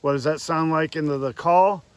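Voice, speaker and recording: A man teaching goose calling outdoors by the woods, talking through each step and sounding out drawn, breathy calls. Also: a little high, normal speed, background noise. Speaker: goose call instructor. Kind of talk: hands-on tutorial.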